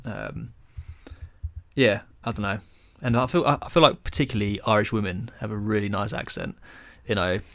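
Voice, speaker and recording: A man co-hosting a casual podcast, his voice sitting a little low. He jokes crudely, swears freely and laughs often. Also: normal speed, a bit bright. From England. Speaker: podcast co-host.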